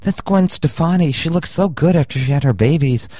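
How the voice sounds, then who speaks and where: A man's voice: on the high side, brisk, warm tone, dry recording, clean studio sound, pitched above the performer's own voice, close to an everyday voice. A man voicing a gushing young woman on a date.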